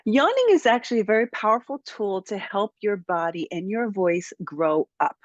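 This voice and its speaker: A woman's voice: mid-range voice, lively intonation, moderate pace, no room sound, lo-fi sound. Upbeat woman coaching on speaking. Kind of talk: tutorial to camera.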